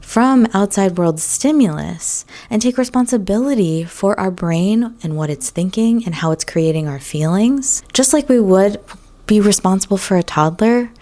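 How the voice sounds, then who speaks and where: A woman's voice: mid-range voice, expressive, moderate pace. A young adult woman talking casually as a mindset coach, chatty and full of "like" and "right?", sometimes dropping into a whisper. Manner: chatty, frequent "like" and "right?", breaks into soft whispers. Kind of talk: casual solo talk to camera.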